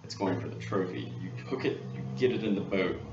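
A man, a guest angler, telling a fishing story in casual, animated talk in a workshop. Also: deep voice, brisk. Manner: animated storyteller, acts out others' lines. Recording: roomy, dull, distant mic, faint hiss.

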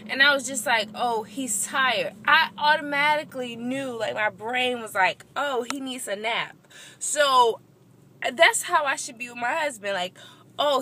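A woman's voice: fairly high pitch, sharp tone, a little hiss or hum. A young woman talking casually and earnestly about marriage, encouraging listeners and often saying "you know". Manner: earnest, encouraging, filler-heavy. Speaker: vlogger giving marriage advice. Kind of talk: casual talk to camera.

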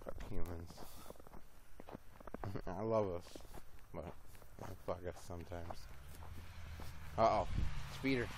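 A man's voice: sits low, fairly even intonation, slow pace, gravelly, long pauses, background noise. A man vlogging casually while walking outdoors along a road, rambling and swearing to himself, a little giddy and hyper.

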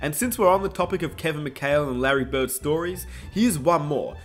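A man's voice: on the high side, fairly quick, music in the background. A man, the channel host, reading scripted commentary in an earnest tone. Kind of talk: scripted narration.

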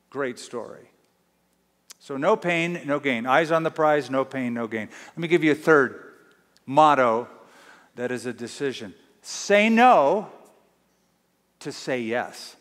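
A man's voice: on the high side, a bit bright, big-room sound. A man preaching a sermon as pastor, emphatic and full of rhetorical questions. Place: church.

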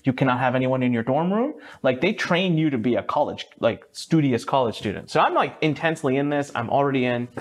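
A man of about thirty tells his life story as a podcast guest. His voice is mid-pitched and very animated. It jumps high whenever he quotes other people, and his tone stays casual throughout. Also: a little fast, few pauses. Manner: lively, swings up high for quoted voices, mild swearing. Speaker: guest entrepreneur.

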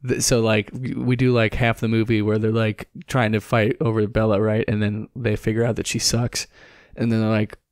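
A man's voice: fairly low pitch, flat delivery, normal speed, a little mellow, no echo, studio quality. A man co-hosting a podcast, chatting casually and rambling with lots of fillers and swearing. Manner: rambling, profane, many fillers and restarts. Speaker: podcast co-host. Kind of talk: casual chat.

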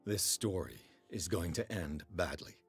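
Grim, deep-voiced game investigator. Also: male voice, lively intonation, a little slow, breathy edge, faint music behind, heavily acted. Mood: grave. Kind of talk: video game voice acting.

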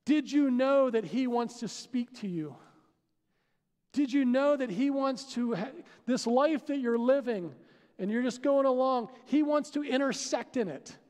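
A man preaching a sermon as pastor, animated and putting questions to his listeners. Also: very high-pitched, unhurried. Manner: animated, asks the crowd questions. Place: church sanctuary. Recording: long hall reverb.

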